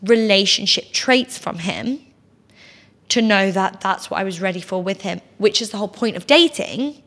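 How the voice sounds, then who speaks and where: A woman's voice: mid-range voice, normal speed. A woman, casually telling a personal story as a podcast host, chatty and full of "like". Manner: chatty, heavy use of "like", animated quoting. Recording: long hall reverb.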